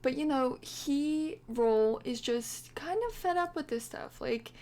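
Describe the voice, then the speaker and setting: A young woman casually narrating her life-simulation game story, chatty and excitable with many fillers and little gasps. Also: sits high, takes it slowly. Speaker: Sims gameplay vlogger.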